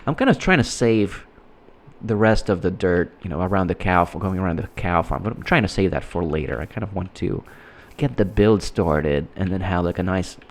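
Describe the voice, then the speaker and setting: A low-voiced man offers casual, rambling commentary as he plays a game. He halts and restarts his sentences often.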